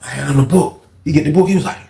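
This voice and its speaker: A storytelling channel host tells a storytime tale in casual slang and heavy profanity, animatedly acting out each person's lines with shifting voices. His voice is a little high and creaky, he talks at a racing speed, and the room is echoey.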